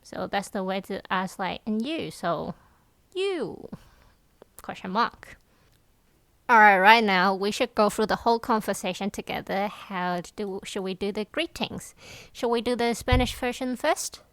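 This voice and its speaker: A woman co-hosting a casual language lesson, explaining slowly with lots of fillers. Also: mid-range voice, fairly bright tone, dry recording. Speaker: podcast co-host teaching Cantonese.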